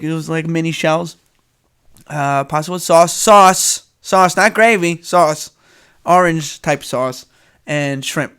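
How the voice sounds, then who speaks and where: A man's voice: fairly high pitch, smooth. A young man with a nasal voice hosting a casual solo podcast, rambling and joking with frequent laughs. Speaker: podcast host.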